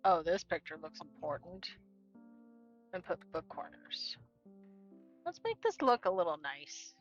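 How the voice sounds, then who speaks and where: A woman's voice: lowish voice, sing-song, a little slow, dull audio, faint music behind. Chatty woman streaming a cozy game. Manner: chatty, playful, talks to a co-host and chat. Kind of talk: casual gameplay commentary.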